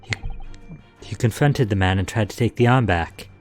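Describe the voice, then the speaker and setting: A man's voice: fairly low pitch, normal speed, faint music behind, lightly acted. Man reading as an earnest young lawyer. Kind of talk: voicing game dialogue.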